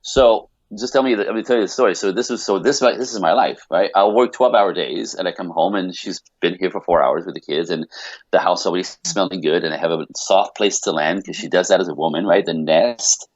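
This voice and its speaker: Male podcast guest, low voice, chatty restart-heavy storyteller, dull lo-fi sound. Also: brisk, no echo. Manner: animated rambling storytelling with many restarts. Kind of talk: casual podcast conversation.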